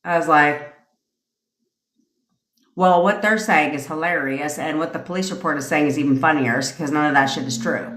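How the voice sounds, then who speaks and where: A woman's voice: deep voice, normal speed, pauses often, fairly bright tone, a little hiss or hum. A woman hosting a live stream, telling stories in a brash, profane, casual rant. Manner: profane, brash storytelling with frequent laughs. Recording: echoey room.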